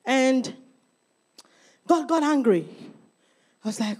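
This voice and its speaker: A woman's voice: fairly high pitch, moderate pace, pauses often, darkish tone. A middle-aged woman pastor preaching a sermon, emphatic and calling out to members of the congregation. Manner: emphatic, calls out to the congregation by name.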